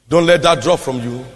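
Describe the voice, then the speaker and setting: A man preaching a sermon, repeating his lines emphatically and building to shouted declarations. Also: mid-range voice. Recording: reverberant hall.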